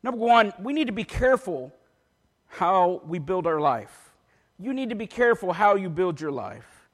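High-voiced preacher man in a reverberant hall. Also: very animated, moderate pace. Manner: emphatic preaching delivery, reads scripture aloud. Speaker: pastor. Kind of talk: sermon. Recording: long reverb of a large hall.

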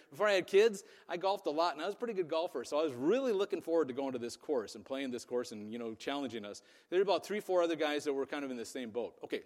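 A middle-aged man preaching a sermon in a relaxed, conversational storytelling way, with plenty of ums. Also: a little high. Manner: conversational storytelling with many fillers. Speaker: pastor. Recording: long reverb of a large hall.

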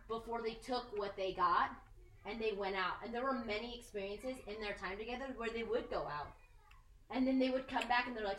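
A woman giving a casual, animated sermon, joking and acting out the people she quotes. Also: mid-range voice, a little fast, a little hiss or hum. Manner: animated, jokey, acts out quoted voices. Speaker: preacher. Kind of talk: conversational sermon. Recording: echoey room, mic at a distance.

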